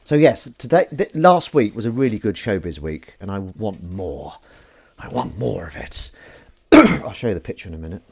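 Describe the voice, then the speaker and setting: Young male stream host, casual chat, animated delivery. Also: lowish voice, moderate pace, gravelly, slightly rough. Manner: chatty, self-mocking, reads chat aloud. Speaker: livestream host. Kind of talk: casual chat while washing up.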